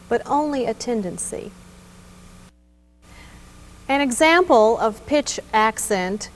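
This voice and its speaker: A woman giving scripted instructional narration about hymn playing in a measured, explanatory way. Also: on the high side, slight background noise. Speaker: narrator and organ teacher.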